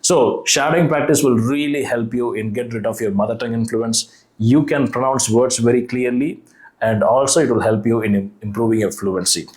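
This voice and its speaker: A man's voice: medium pitch, moderate pace, darkish tone. A young man with an Indian English accent gives a casual spoken lesson to the camera, earnest and repetitive, talking to the viewer as a friend. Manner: earnest, repeats advice, addresses viewer as friend. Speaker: English learning youtuber.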